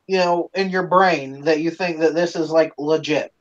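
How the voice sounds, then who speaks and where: A man's voice: a little high, fairly even intonation, normal speed. A man hosting a live stream, casually telling a rambling, profane story with plenty of swearing, on a dull lo-fi recording.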